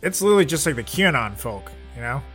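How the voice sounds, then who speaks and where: A man co-hosting a comedy podcast, joking sarcastically and swinging from muttered asides to loud bursts. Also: mid-range voice, big pitch swings, quick pace, soft background music. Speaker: podcast co-host.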